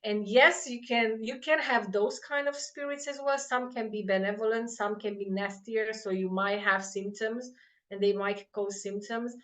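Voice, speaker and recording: A woman in casual conversation, telling a personal story with lots of fillers and animated quoted voices. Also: fairly high pitch, normal speed. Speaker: podcast host.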